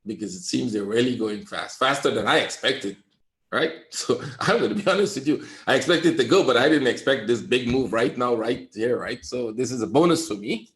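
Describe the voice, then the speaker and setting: A man's voice: mid-range voice, expressive, moderate pace, fairly bright tone, reverberant. Blunt man coaching traders live. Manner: lecturing, blunt, repeats "right?". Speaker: trading coach. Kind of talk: live trading webinar.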